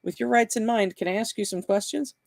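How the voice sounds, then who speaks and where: A man's voice: sits high, fairly even intonation, brisk, gravelly, no room sound, voice pushed up. A man reading aloud voices a wry middle-aged male police lieutenant with dry, wisecracking questions.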